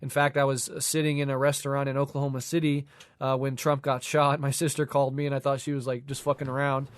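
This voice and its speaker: A man's voice: mid-range voice, level tone, fast talker, smooth. A man co-hosting a podcast in a casual political discussion, congested from a cold, talking in a loose, rambling way with many fillers. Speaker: podcast co-host.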